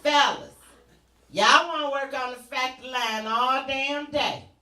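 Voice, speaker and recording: A brash woman comedian working a club crowd, her high, bright voice delivered. She takes her time, letting each bawdy line land, and repeats punchlines for effect. The sound is roomy and a little distant, as if caught off the stage. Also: unhurried. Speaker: stand-up comedian. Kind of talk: stand-up comedy set.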